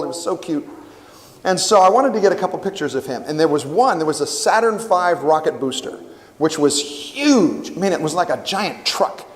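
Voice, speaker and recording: A middle-aged man giving a storytelling sermon as a camp worship speaker, animated and acting out the quotes. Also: a little high. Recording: long hall reverb.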